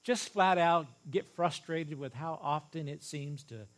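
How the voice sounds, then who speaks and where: Male preacher, sermon to a congregation, higher voice, slow and emphatic delivery. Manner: animated, leaning hard on single words for emphasis; speaks directly to the congregation with light laughs. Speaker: pastor. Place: church service before a congregation.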